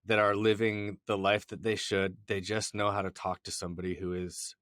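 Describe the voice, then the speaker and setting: Male podcast host, low voice, dry close sound, reflective, thinks aloud with repeats. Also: little pitch movement, moderate pace, fairly bright tone, no echo. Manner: reflective, backchannels, repeats words. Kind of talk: casual podcast conversation.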